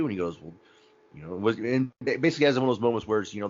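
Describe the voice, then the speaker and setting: A man's voice: lowish voice, expressive, racing, lo-fi sound. A man co-hosting a podcast, chatting casually and animatedly about favorite episodes, often acting out quotes and laughing. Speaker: podcast co-host. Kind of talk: casual fan chat.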